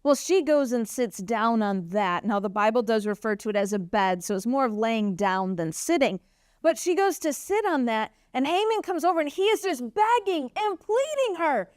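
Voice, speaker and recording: A woman teaching a children's Bible lesson at church, telling the story with animated expression and acting out the characters' lines. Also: high-pitched, dry recording, studio quality.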